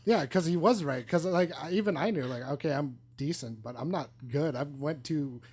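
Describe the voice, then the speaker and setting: A man's voice: fairly high pitch, normal speed, a little mellow, slightly rough. A young adult man, a guest on a casual podcast, talking things over reflectively and leaning hard on "like" as a filler. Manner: reflective, loose, heavy use of "like".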